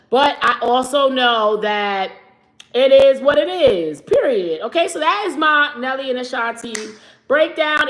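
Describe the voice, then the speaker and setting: Brash, high, lively woman in her forties. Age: 40s. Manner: brash and profane, laughing often, mimicking others. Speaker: live stream host. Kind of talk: casual live-stream commentary.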